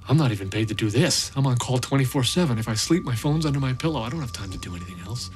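A man's voice: mid-range voice, expressive, racing, natural voice. An actor playing a haunted male rescue volunteer, telling his story in an intense, emotionally raw first-person monologue. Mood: bitter. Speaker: narrator.

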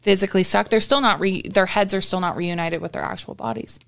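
A woman's voice: mid-range voice, steady tone, quick pace, gravelly. A young woman co-hosting a podcast, telling a story in casual chat with lots of swearing. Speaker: podcast co-host.

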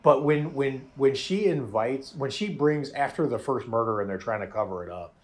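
A man's voice: mid-range voice, lively intonation, moderate pace, a little mellow. A man hosting a podcast, chatting animatedly about a show with frequent laughs and restarts. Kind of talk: casual chat reviewing a show.

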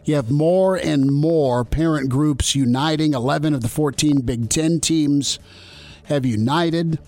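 A man's voice: a little high, unhurried, a little mellow. Joking sports radio host man. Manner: casual, joking, many fillers. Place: radio studio.

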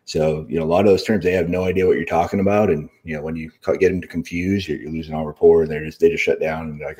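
Fast-talking deep-voiced man host. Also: fairly even intonation, a little mellow. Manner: loose, filler-heavy, reads out live comments. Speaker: podcast host. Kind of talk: casual interview talk.

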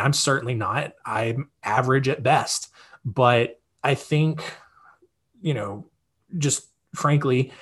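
Husky upbeat man giving casual advice. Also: medium pitch. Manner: upbeat, conversational, frequent fillers and check-ins. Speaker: podcast host.

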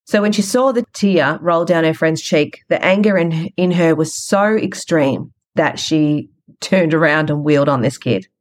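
Deep-voiced and measured, this podcast host tells a story in a frank, chatty manner. It's a casual monologue in which she recounts past conversations.

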